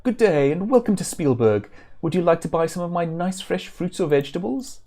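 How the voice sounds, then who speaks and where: A man's voice: sits high, expressive, brisk, dark tone, voice pushed up. A man doing a cheerful young farm girl. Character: friendly young female farmer's daughter selling fruit.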